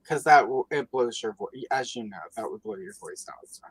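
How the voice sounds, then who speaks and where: A woman's voice: rumbling low, fairly quick, husky, dry recording, rough recording. A woman hosting a livestream, talking casually and rambling with many fillers. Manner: rambling, lots of fillers, chatty. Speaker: livestream host.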